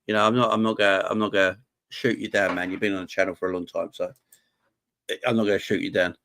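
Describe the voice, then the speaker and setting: On his live football fan channel, this adult family man, married with kids, talks at a quick pace in a low, level, pushed and bright voice, with a little hiss or hum in the audio. He gets passionate and emotional and says the same things again and again.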